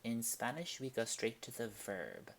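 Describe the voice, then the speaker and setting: A man leads a language lesson at an unhurried, measured pace. His pitch sits in the ordinary middle range for a man. He explains each point deliberately and reads out example sentences with care. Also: sing-song, creaky, fairly bright tone, slight background noise. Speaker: Spanish teacher. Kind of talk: classroom-style language lesson.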